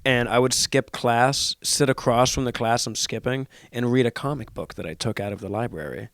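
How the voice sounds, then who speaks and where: A man's voice: mid-range voice, moderate pace, a bit bright, dry recording. A young man co-hosting a podcast, telling rambling, profane stories in casual chat. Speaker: podcast co-host.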